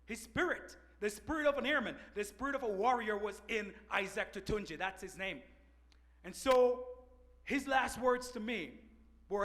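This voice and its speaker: A man, an Air Force first sergeant, telling an earnest personal story to an audience on a panel, sometimes dropping to a hushed voice. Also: high-pitched, expressive, moderate pace. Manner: earnest storyteller, drops to a hushed voice at emotional points. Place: large auditorium.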